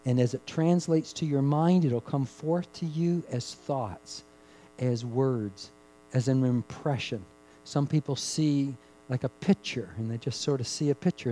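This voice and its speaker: A man preaching a sermon, rising to loud emphatic peaks and dropping to hushed, drawn-out phrases, repeating key words for emphasis. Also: medium pitch, slight background noise, poor audio. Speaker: pastor.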